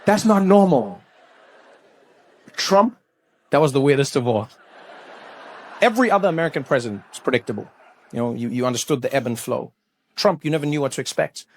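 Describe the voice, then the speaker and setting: A male comedian doing stand-up, punchy and animated, with repeated refrains. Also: medium pitch, a little fast, long pauses.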